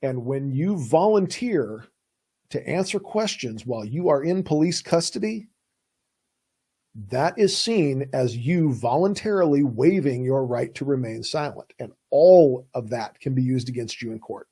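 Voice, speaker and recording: A man's voice: medium pitch, animated, unhurried, mellow, husky. A man hosting a podcast as a defense attorney, giving emphatic, folksy advice in a casual monologue. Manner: emphatic, folksy, acts out quoted voices.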